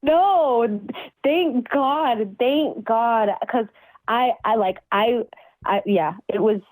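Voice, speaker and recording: A woman's voice: fairly high pitch, a little mellow, no echo, low-quality recording. A young adult woman calling in to tell a story, giggling and restarting often. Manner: giggly, halting, lots of restarts. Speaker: caller. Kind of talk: casual storytelling on a call.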